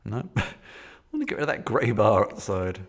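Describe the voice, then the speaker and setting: A man's voice: on the low side, wildly swooping pitch, moderate pace. A man casually thinking aloud as he sets up a solo tabletop game on a stream, rambling with frequent fillers and restarts. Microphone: desktop setup with camera.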